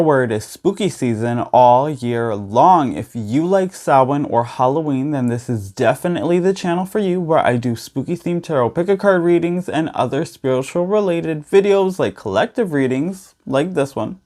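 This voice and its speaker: A man's voice: fairly high pitch, animated, moderate pace, few pauses, a little mellow. A man hosting a chatty tarot reading vlog, talking with a slight lisp from new braces and a bubbly manner, often addressing viewers directly. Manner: bubbly, keeps saying "you guys" and "okay". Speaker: tarot reader.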